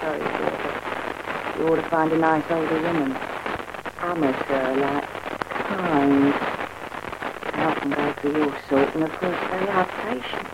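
An actress playing a brisk, world-weary prostitute, talking in a brassy, businesslike way. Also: female voice, deep voice, fairly even intonation, very noisy. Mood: impatient. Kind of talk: radio drama acting.

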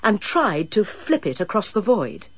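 Woman narrator, husky, dull-sounding recording, dramatic read. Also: medium pitch, big pitch swings, a little slow, a bit bright, dry recording. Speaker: audiobook narrator. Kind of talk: scripted narration.

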